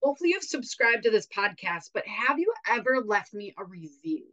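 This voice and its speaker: A woman's voice: mid-range voice, sing-song, brisk, a bit bright, rough recording. A woman with a Wisconsin accent hosting a podcast, chatty and upbeat, with many fillers. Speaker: podcast host. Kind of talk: casual podcast intro.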